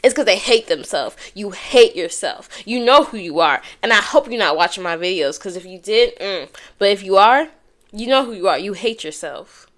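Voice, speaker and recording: A woman's voice: mid-range voice, lively intonation, moderate pace, a bit bright. Candid young woman talking solo. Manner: candid, swears freely, says y'all a lot. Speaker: podcast host. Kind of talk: casual solo talk to camera. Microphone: headphones and microphone.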